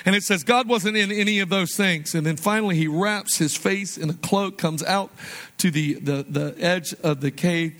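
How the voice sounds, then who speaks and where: Pastor, man, high-pitched, animated conversational sermon delivery with soft low asides.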